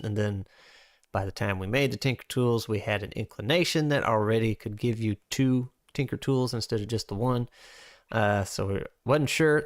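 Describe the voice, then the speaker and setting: Low-pitched male streamer, dry close sound, casual rambling delivery, thinking aloud. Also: dry recording. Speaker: streamer designing a tabletop game. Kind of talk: casual livestream chat.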